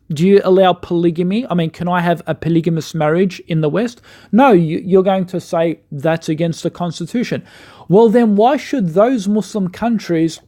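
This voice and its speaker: A man's voice: high voice, a little mellow. A man giving an argumentative opinion monologue, full of rhetorical questions. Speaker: commentator.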